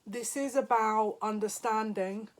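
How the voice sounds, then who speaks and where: A woman's voice: a little high, fairly even intonation, unhurried. A woman giving a spiritual psychic reading to her viewers, talking in an emotional way. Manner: emotional, laughing, tearful at moments. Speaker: psychic reader. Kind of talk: spiritual card reading to camera.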